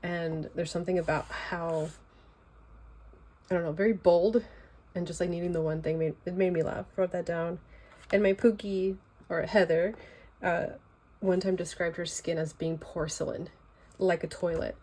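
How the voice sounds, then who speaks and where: A woman's voice: lowish voice, fairly even intonation, normal speed, pauses often, warm tone. A young woman with a Californian accent, chatting casually and loosely while showing her sketchbook at home. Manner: chatty, loose and rambling with fillers. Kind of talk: casual chat.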